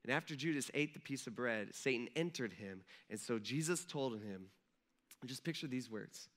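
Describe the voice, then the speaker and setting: Bright-voiced casual male preacher. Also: mid-range voice, lively intonation, moderate pace. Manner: casual storytelling preacher, acts out voices of biblical figures. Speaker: pastor. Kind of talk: sermon.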